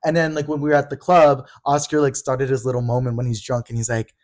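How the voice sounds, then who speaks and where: A young man co-hosting a podcast, telling a rambling story in casual chat and filling every pause with "like". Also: medium pitch, flat delivery, a little mellow. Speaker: podcast co-host.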